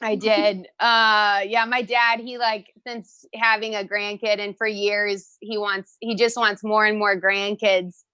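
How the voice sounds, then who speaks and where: A young woman doing a loud, giggly, confessional stand-up set from home, talking into a handheld microphone held up to her phone. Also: medium pitch, flat delivery, slow, hardly any pauses, clean tone, no room sound, dull audio. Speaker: stand-up comedian. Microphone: handheld mic held to a phone.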